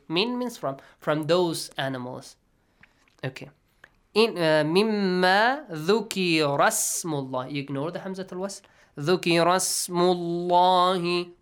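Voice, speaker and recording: Soft-spoken man teaching Quran recitation. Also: fairly high pitch, animated, moderate pace. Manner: patient, checks understanding with frequent "okay?"; drops to near-whisper asides between recited phrases. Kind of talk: classroom tajweed lesson.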